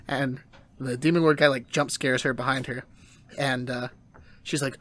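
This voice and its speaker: A man's voice: mid-range voice, normal speed. A man hosting a casual podcast, retelling an anime episode with goofy put-on voices. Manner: animated retelling with silly voices. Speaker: podcast host.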